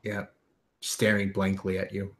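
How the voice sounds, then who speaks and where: A man narrating as game master of a tabletop game, halting with frequent ums and restarts. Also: low-pitched, monotone, a bit bright.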